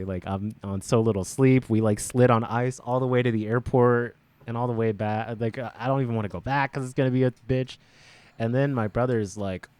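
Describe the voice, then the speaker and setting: A young man tells a rambling story on a casual podcast, breaking into laughs and acting out the lines of the people in it. His voice sits at an ordinary pitch for a man. The sound is dry and close to the mic. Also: fairly even intonation, moderate pace, a little mellow, clear, resonant tone, no room sound. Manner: rambling, laughs often, acts out quotes. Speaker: podcast co-host.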